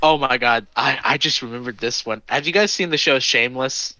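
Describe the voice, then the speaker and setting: A man in his early twenties, a podcast co-host, telling anecdotes in animated, swear-heavy casual chat. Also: mid-range voice, a little fast, no echo, low-quality recording. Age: 20s. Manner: animated storytelling, lots of swearing.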